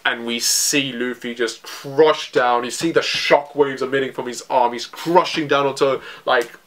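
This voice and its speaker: A young man giving an excited, rambling recap of manga chapters, full of fillers and restarts. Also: mid-range voice, moderate pace, hardly any pauses. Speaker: manga reviewer.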